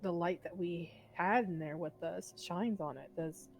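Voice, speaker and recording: A woman's voice: fairly low pitch, measured pace, vocal fry, darkish tone, faint music behind. A woman playing a wary young archer in a tabletop game, speaking hesitantly in her own voice. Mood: uneasy. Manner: hesitant, unsure.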